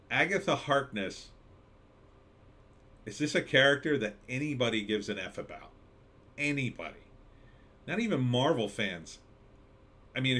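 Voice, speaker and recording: A man's voice: mid-range voice, sharp tone. A man hosting a casual live stream, reading chat and giving sarcastic commentary with mocking asides. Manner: sarcastic, jumps into mocking skits and pirate voices.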